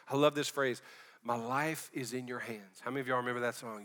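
Bright-voiced preacher man, echoing hall. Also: mid-range voice, fairly even intonation, fairly quick. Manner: fervent, conversational preaching with slang. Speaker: pastor. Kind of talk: sermon.

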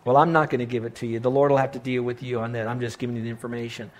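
A man preaching a sermon as pastor, emphatic and slowing down to stress the verses he quotes. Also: mid-range voice, flat delivery.

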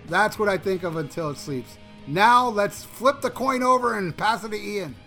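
A man's voice: high-pitched, expressive, normal speed, sharp tone. A man co-hosting a casual music review chat, rambling with lots of swearing and restarts. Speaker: music podcast co-host reviewing songs.

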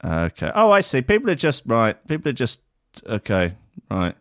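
A man hosting a loose, rambling podcast from his desk mic, swearing freely and mocking his targets. His pitch swings widely as he talks, from low mutters to sudden high bursts. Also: wildly swooping pitch, moderate pace, no room sound, clean studio sound. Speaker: podcast host. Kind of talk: casual streamed chat. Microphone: headphones and desk mic.

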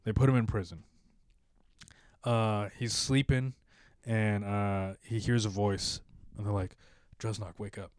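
Guy telling a story on a podcast, low smooth voice, rambly with lots of uh and like, dry close mic. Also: steady tone, slow pace, long pauses, darkish tone, no echo. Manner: rambling, full of fillers, acts out quoted voices. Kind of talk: casual storytelling chat.

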